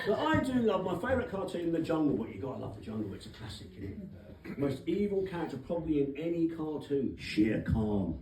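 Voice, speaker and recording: A man with an English accent doing animated stand-up comedy in a comedy club, swearing freely. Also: high voice, slow pace, long pauses. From England. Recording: echoey distant club recording, noisy crowd.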